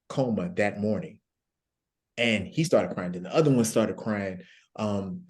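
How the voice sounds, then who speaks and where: Earnest, emphatic man with a low voice. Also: a little mellow. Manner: earnest, emphatic, repeats key phrases. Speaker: guest author and life coach. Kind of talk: panel discussion, storytelling.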